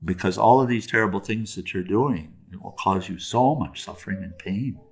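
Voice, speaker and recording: A man voicing a gentle male celestial sage who speaks calmly and kindly, in a spoken sermon story. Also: low voice, normal speed, creaky. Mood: gently warning. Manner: calm, gentle, warning softly.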